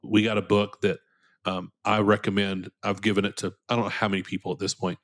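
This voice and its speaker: Earnest low-voiced man, podcast guest. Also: flat delivery, fairly quick, fairly bright tone, soft background music. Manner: earnest, repeats words when starting sentences. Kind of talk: candid conversational interview.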